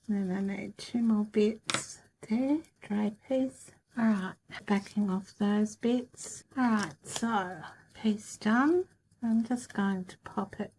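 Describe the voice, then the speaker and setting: A middle-aged woman leads a crafting tutorial at a slow, easy pace. She explains each step calmly and practically, in a mid-pitched voice. A faint hiss sits behind her. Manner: calm, practical, talks through each step.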